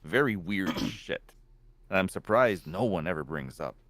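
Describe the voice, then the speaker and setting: A man from Canada with a low, deep voice talks bluntly and drily in casual banter, often restarting mid-phrase. The sound is close and dry, with no room around it. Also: expressive, measured pace, fairly bright tone, no echo.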